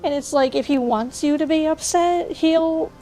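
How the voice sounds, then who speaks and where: Young woman, high-pitched voice, casual stream talk, blunt and joking, faint music behind. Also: moderate pace, dark tone. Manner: blunt, joking rants to chat. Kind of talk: casual livestream chat.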